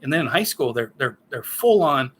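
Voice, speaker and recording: A man's voice: mid-range voice, expressive, moderate pace, a bit bright, slight background noise. A man in his fifties giving a solo political rant, profane, sarcastic and heated. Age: 50s. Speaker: political commentator.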